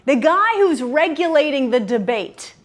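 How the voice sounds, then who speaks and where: A woman's voice: high voice, very animated, measured pace. A woman hosting a live word game for seniors, patiently giving clues and repeating the answers back. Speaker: quiz host. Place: common room of a senior-living community.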